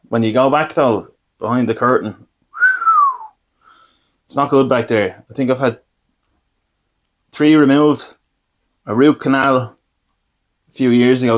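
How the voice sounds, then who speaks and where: An Irish man hosting a podcast rambles loosely through his own mishaps, making fun of himself in comic stories. His voice is a typical middle pitch for a man, and he breaks into small acted-out exchanges along the way.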